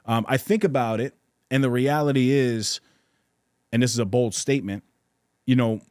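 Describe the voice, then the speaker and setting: A man's voice: mid-range voice, moderate pace, darkish tone, dry recording, studio quality. A man in casual podcast conversation, talking in an earnest, reflective way with frequent restarts and self-corrections.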